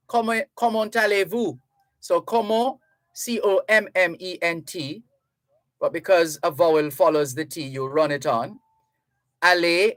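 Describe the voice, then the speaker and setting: Slow, chatty Jamaican radio host. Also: male voice, fairly high pitch, fairly bright tone, no room sound. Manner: slow, chatty, reads listener messages aloud. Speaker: radio talk show host. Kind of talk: radio talk show monologue. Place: radio studio. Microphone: studio microphone.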